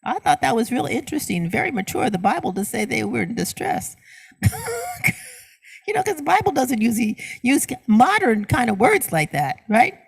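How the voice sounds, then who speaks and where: A woman's voice: very animated, a little fast, creaky, few pauses, slightly rough. Woman preaching a questioning sermon. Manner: asks the congregation questions and answers them; repeats words for emphasis, varied pitch. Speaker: minister.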